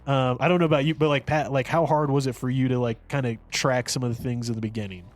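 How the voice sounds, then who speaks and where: A man's voice: medium pitch, steady tone, quick pace. A man co-hosting a podcast, reviewing a movie in casual, rambling chat full of fillers and restarts. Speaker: podcast co-host.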